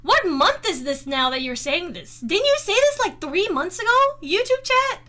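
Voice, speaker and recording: A woman livestreamer chats casually with her live viewers from a desk microphone at home, teasing and giggling with a playfully sarcastic edge. Her voice is extremely high, pushed and bright, with big pitch swings at a normal speed.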